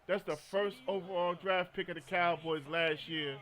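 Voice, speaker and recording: Game streamer, man, high voice, joking, storytelling banter. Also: fairly even intonation, normal speed, a bit bright. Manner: joking, storytelling, frequent laughter. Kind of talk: casual gaming commentary.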